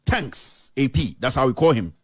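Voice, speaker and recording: A man's voice: mid-range voice, big pitch swings, moderate pace, breathy edge, no echo. A man with a Ghanaian accent, a journalist reading out official statements with emphatic commentary. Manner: emphatic, reads statements aloud, slips into local language. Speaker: journalist presenting documents. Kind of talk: animated commentary to camera.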